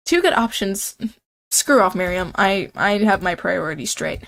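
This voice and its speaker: A woman's voice: medium pitch, lively intonation, slow pace, creaky, a bit bright. Playful young woman streamer. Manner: playful, chatty, reacts and jokes with chat. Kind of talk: casual game commentary and reading aloud.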